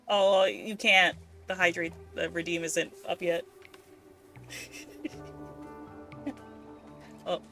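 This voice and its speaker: A woman's voice: lowish voice, fairly even intonation, unhurried, bright, forceful tone, soft background music. A woman streaming a game, ranting casually and swearing a lot in exasperation. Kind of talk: casual let's-play commentary.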